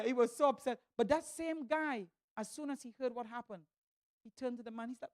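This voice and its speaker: Male church speaker, comic sermon storytelling, animated, trips over restarts, dry sound. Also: high-pitched, brisk, dry recording. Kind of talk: humorous sermon talk.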